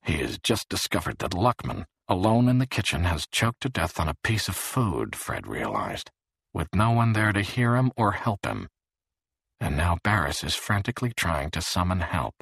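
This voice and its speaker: A man narrating an audiobook in a dramatic, expressive way. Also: deep voice, normal speed, creaky, breathy edge, no echo, studio quality. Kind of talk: scripted narration.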